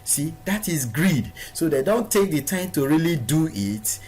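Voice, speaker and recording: A man's voice: fairly high pitch, very animated, unhurried, darkish tone, slightly rough. A man giving a recorded training lesson to his students, stressing points by repeating words. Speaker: online business trainer.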